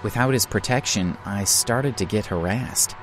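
A man voicing a young single mother, his voice raised a little higher. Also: normal speed, music in the background, lightly acted. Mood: wistful.

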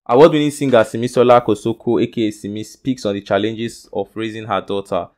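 A man's voice: lowish voice, fairly even intonation, fast, a little mellow. A man with a Nigerian accent who hosts a gossip news vlog, reading the stories casually and putting questions to his viewers. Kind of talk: reading celebrity news to camera.

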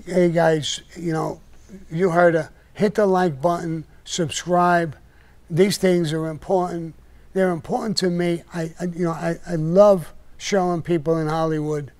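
A man's voice: on the high side, steady tone, measured pace, darkish tone. An older man, blunt and profane, telling stories on a live stream and getting heated when he rants. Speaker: podcast host telling stories. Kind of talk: casual storytelling on a live stream.

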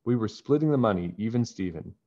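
A man's voice: on the low side, expressive, fast talker, mellow, highs cut off, pitched above the performer's own voice. A man doing a sheepish young boy confessing.

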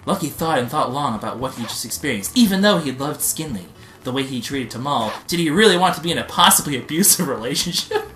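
A man's voice: medium pitch, animated, quick pace. Giggly young man reading aloud, echoey. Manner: giggly, rambling, breaks off to joke and laugh. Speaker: streamer. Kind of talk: comic reading of fan fiction on a live stream. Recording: echoey room with faint music.

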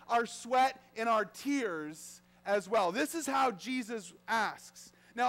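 A man preaching a sermon to his church, animated and playful, slipping into comic voices of churchgoers as he makes his points. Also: high-pitched. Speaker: pastor. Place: church sanctuary.

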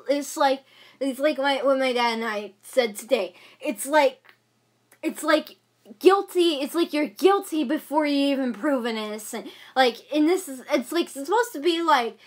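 Young woman vlogger, high voice, agitated rambling rant. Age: young adult. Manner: agitated ranting, many fillers and repeats. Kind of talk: casual venting vlog.

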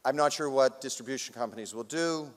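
A man's voice: medium pitch, fairly quick. Man telling stories in a reverberant hall. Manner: animated, laughs often, acts out other people's lines. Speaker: award recipient speaking on stage. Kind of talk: anecdotal storytelling at a public talk. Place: large auditorium.

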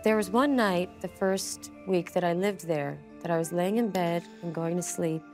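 A woman with a fairly low voice recounts her encounter in a documentary interview, hushed and suspenseful. Her telling is earnest. An eerie music score plays clearly beneath her. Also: normal speed. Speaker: celebrity guest telling a ghost story.

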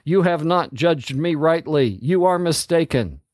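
A man voicing a desperate, defiant male traitor ranger who shouts back at his judges. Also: on the high side, animated, measured pace, no echo, pitched above the performer's own voice.

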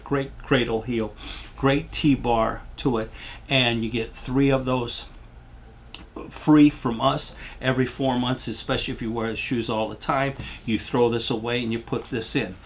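A man's voice: medium pitch, fairly even intonation, a little slow, slight background noise. An older man giving a rambling, folksy product demonstration as a shoe salesman, losing his voice and coughing now and then.

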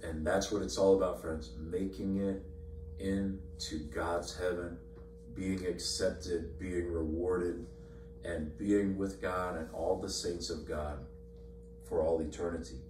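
A man leading an informal Bible study, talking conversationally with many fillers and repeated words. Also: low-pitched. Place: church meeting room. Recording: echoey room, far from mic, faint hum.

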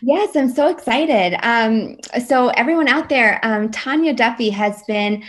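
An emotional woman chairing a charity auction on a live stream. She gushes, laughing and tearing up between words, in a voice set a little high. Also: animated, measured pace. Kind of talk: casual live-stream talk.

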